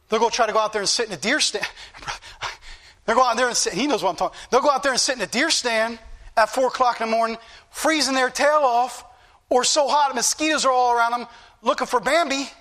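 A man's voice: extremely high pitch, bright, forceful tone. A middle-aged man preaching a sermon with impassioned emphasis and shifting pace. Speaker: pastor.

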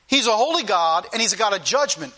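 A man's voice: high-pitched, lively intonation, fast, bright, forceful tone. A man preaching a sermon with emphatic, repetitive delivery and direct appeals to the congregation.

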